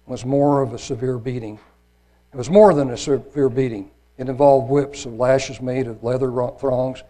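A man's voice: medium pitch, mellow. A man preaching a sermon, reading scripture aloud in an earnest, grave way with a few restarts.

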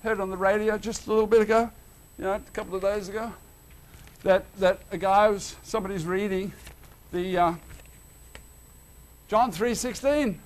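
Australian male preacher, high voice, lively delivery that swings between soft and booming. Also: normal speed, pauses often. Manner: animated, swings between loud and hushed. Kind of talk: sermon.

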